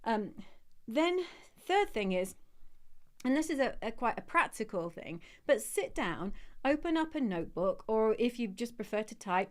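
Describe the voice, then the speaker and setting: A woman with a fairly high voice hosts a live podcast chat about dog training. She's warm and encouraging with her audience and gets emotional as she talks.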